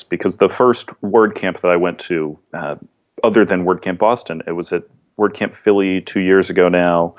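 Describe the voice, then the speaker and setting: A man talking as a podcast guest in a relaxed, rambling way with many restarts. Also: deep voice, lo-fi sound. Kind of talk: casual interview chat.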